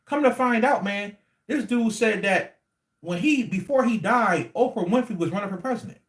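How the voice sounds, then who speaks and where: A man telling a story casually to his livestream audience in an animated, slangy, repetitive way. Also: high-pitched, moderate pace. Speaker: livestream host. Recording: echoey room.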